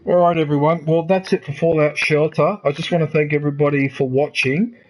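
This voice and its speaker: A man's voice: on the high side, steady tone, brisk, faint music behind, poor audio. A man streaming a game and giving casual commentary. He gets worked up and rants, often restarting and repeating his words. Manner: worked up, ranting, repeats himself. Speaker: gaming streamer. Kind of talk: casual ranting commentary over gameplay.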